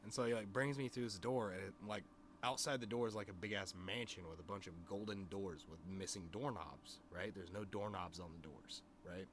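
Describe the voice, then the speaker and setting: A man with a lowish voice, streaming and spinning a long dream story for his chat. He rambles, restarts, swears freely and keeps asking if you follow him. A faint hiss of noise sits under his voice. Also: normal speed. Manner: rambling, profane, filled with "you know what I mean". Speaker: streamer and musician.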